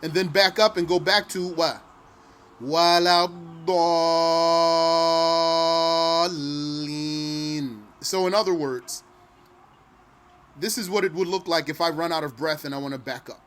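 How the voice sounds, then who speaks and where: A man teaching recitation, explaining slowly in plain speech and then chanting verses with long, drawn-out vowels. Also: fairly high pitch, a bit bright.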